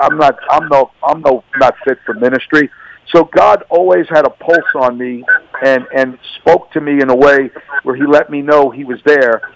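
A man with a gravelly, creaky voice tells his faith story in earnest, emphatic testimony, leaning on repeated words. The sound is dry and close, with no room around it. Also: medium pitch, dry recording, rough recording. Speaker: radio guest. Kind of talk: personal testimony.

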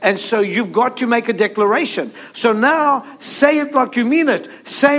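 A man with a high voice preaches with driving emphasis. He repeats key phrases and calls on his listeners to say them back to him. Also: moderate pace, few pauses, fairly bright tone. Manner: emphatic, repetitive preaching with call-and-response. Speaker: pastor. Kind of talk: sermon.

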